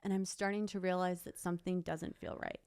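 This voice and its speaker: A woman's voice: lowish voice, level tone, brisk, darkish tone, clear, resonant tone, no room sound, clean studio sound. A young woman, an interview guest, emphatically retelling a personal story and quoting what people said. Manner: emotional, emphatic retelling with quoted dialogue.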